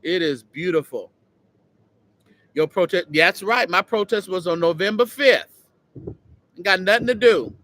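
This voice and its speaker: A man hosting a casual livestream outdoors, mocking and teasing someone in an animated way. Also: high voice, a little slow, pauses often. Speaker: host.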